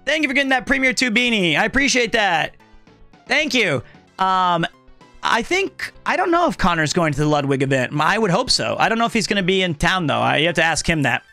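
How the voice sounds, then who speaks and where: A man's voice: high voice, big pitch swings, brisk, sharp tone, faint music behind. A young man streaming live, chatting casually and thanking viewers in an upbeat way.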